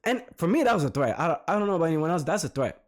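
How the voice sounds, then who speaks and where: A man giving casual reaction commentary, animated and repeating phrases for emphasis. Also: on the high side, very fast. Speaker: reaction streamer.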